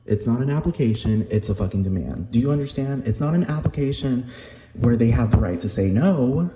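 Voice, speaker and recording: Speaking a little fast in a mid-range voice with lively intonation, this male vlogger is furious and profane. He goes over the same points again and again, repeatedly asking if the listener understands, while the echoey room carries noise behind him.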